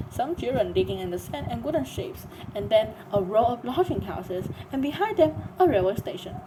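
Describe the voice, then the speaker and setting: A woman's voice: mid-range voice, noisy background. A woman reading a storybook aloud, narrating with some stumbles. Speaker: reader.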